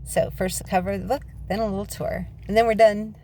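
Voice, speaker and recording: This American vlogger and author talks fast in a steady, mid-range voice from inside her parked car, holding her phone. She rambles chattily into rants and digressions, laughing often, with background noise in the recording.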